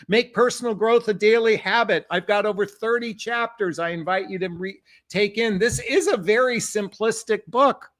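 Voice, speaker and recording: This is a direct-to-camera advice talk from a middle-aged dating coach who speaks with impassioned emphasis and often says "folks" to his viewers. His voice is high and fairly bright.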